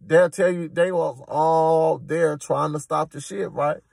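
A man's voice: fairly high pitch, steady tone, takes it slowly, vocal fry, a little mellow, no echo. A man telling a prison story in a casual, emphatic, streetwise way.

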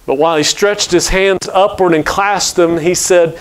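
A man's voice: sits high, moderate pace, hardly any pauses, low-quality recording. A preacher, a man, reading a novel aloud during a sermon in a solemn and dramatic way.

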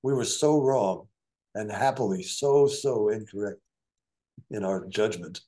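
A man's voice: on the low side, unhurried. An older man telling stories from his career as a musician and producer in a casual interview, acting out quoted voices. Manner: animated storyteller, acts out quoted voices.

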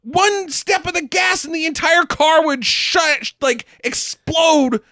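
Excitable high-voiced man recapping a movie. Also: takes it slowly, no room sound, clean studio sound. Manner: excitable, incredulous, swears freely. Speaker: podcast co-host.

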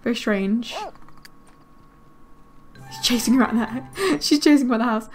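A woman giving casual let's-play commentary, chatting to her game characters with quick excited exclamations. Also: a little high, soft background music. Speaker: gaming video creator.

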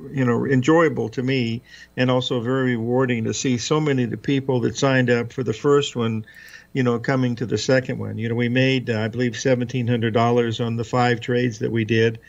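A man's voice: medium pitch, level tone, a little fast, gravelly. A man speaking as a trading guest on a radio show, easygoing and full of fillers. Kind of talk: radio interview. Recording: dull lo-fi line.

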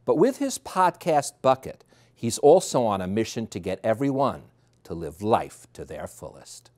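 A man's voice: fairly low pitch, big pitch swings, moderate pace, a little mellow. A man with a New York accent hosting an interview show, friendly and laughing often.

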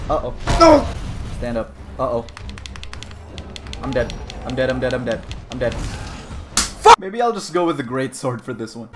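A man playing a game and commenting to his friends, loud, jokey and profane, yelling at the monster. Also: fairly high pitch, expressive, normal speed, soft background music. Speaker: gamer. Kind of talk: let's play commentary with friends on voice chat.

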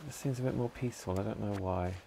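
A man's voice: fairly low pitch, fast talker, vocal fry, a little hiss or hum. Chatty man playing a game. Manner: chatty, talks to himself and the game characters, excitable bursts. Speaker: gaming channel host. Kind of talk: casual gameplay commentary. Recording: faint background music.

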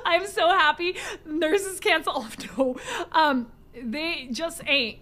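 A woman streaming a game live from home, excitable and jokey, swearing and laughing often as she talks to chat. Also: high-pitched, slow pace. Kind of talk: live gameplay commentary.

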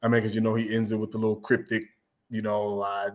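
A man's voice: on the low side, completely flat delivery, fast talker. A man co-hosting a casual chat, talking loosely, laughing often and trailing off mid-thought. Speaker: podcast co-host. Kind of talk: casual chat about rap.

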